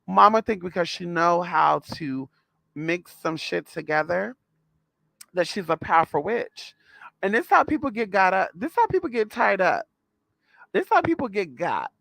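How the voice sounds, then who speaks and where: A man's voice: high voice, sing-song, normal speed, vocal fry, pushed and bright, no echo. A man telling a story to his viewers in a sassy, blunt, casual way, calling them girl and honey. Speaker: spiritual vlogger.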